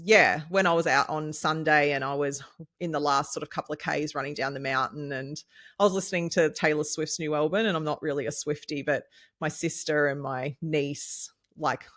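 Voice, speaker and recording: A woman in her thirties talks on a casual podcast. She rambles and gets excitable, piling up fillers and laughing often. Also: deep voice, moderate pace. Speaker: podcast co-host, nutritionist. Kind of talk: casual chat.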